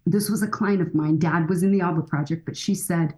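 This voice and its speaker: A woman's voice: lowish voice, a little fast, mellow, poor audio. A middle-aged woman speaking as a guest expert in a podcast conversation, earnest and coaching, often acting out bits of dialogue.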